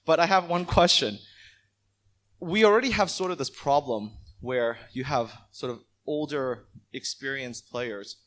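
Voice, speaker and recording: A man's voice: mid-range voice, measured pace, fairly bright tone. Man, casual, exasperated, laughing, swearing, raised-hand audience question. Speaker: community contributor asking a question. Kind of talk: conference Q&A question. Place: conference hall.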